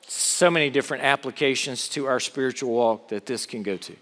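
A man's voice: medium pitch, fairly quick, few pauses, a bit bright, in a large hall. A man preaching a sermon as pastor, earnest and full of rhetorical questions.

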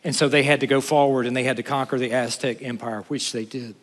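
A man's voice: medium pitch, fairly even intonation, fast talker. A male pastor, preaching a sermon that shifts between intense build-ups and casual asides. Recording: long hall reverb.

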